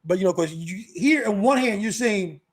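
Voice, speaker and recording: A vlogger from North Carolina delivers a casual opinion rant, sarcastically mocking other people's views with raised voices. He has a high, animated voice that is slightly rough, at a normal speed.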